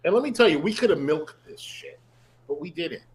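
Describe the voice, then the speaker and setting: A man's voice: a little high, animated, fairly quick. A man co-hosting a livestream, chatting casually in a blunt, profane way. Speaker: co-host. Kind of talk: casual chat.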